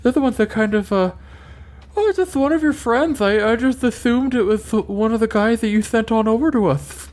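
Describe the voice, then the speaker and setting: A woman's voice: fairly high pitch, normal speed, a little mellow, close to an everyday voice. A woman voicing a friendly, nervous kobold who rambles and hesitates as he talks. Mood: chatty. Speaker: game master.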